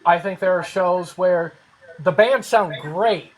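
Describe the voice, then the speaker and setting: A man with a high voice hosts a relaxed panel discussion. He thinks out loud and softens his points with repeated fillers. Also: takes it slowly, a little hiss or hum, rough recording. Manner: rambling, hedging with fillers. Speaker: host. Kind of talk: casual online panel chat.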